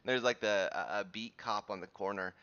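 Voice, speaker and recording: A man in his thirties hosts a live morning stream, talking to viewers in a loose, rambling way full of restarts. His voice sits low but sounds bright and forward. The audio is dull and lo-fi, like a stream mic. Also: moderate pace, smooth. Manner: chatty, rambling, frequent restarts and fillers. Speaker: host of a live crypto chart show. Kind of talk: casual live-stream chat and chart teaching.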